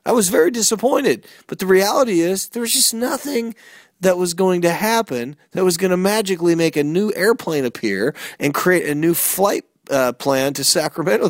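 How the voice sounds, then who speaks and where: Male motivational host, middle-aged, higher voice, punchy rhetorical questions, dry close sound. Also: dry recording. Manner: energetic, storytelling, emphatic rhetorical questions. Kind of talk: motivational talk.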